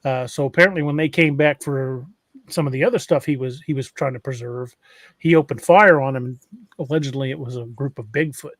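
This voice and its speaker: A man's voice: medium pitch, brisk, no echo, clean studio sound. A man hosting a podcast, telling stories in a casual, rambling way with many restarts. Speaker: podcast host.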